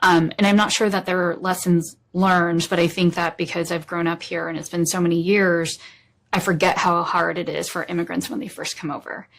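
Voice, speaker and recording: A woman's voice: lowish voice, little pitch movement, a little fast, gravelly, fairly bright tone. A woman from the United States answering an interviewer in a thoughtful, sincere way. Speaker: interviewee, actor.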